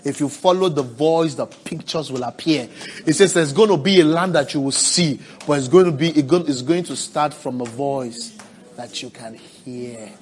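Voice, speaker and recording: A man preaching a sermon, asking the congregation for responses and swinging from hushed, drawn-out words to loud cries. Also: on the high side, a little hiss or hum. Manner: preaching with call-and-response, swelling to shouts.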